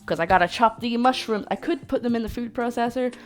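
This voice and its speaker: A woman's voice: fairly high pitch, quick pace. A woman hosting a cooking livestream, chatting playfully with her viewers as she works. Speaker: cooking stream host. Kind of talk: casual livestream chat while cooking. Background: faint background music.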